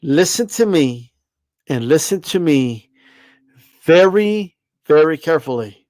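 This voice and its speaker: Man, boxing livestream host, brash and profane, high voice, lively pitch. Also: slow, no room sound. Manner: brash, profane, emphatic, repeats for effect. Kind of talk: livestream rant.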